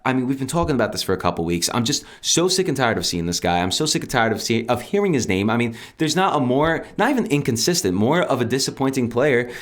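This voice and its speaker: A man co-hosting a casual sports podcast, ranting in an animated, exasperated way with big jumps in pitch. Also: fast, few pauses. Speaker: podcast co-host.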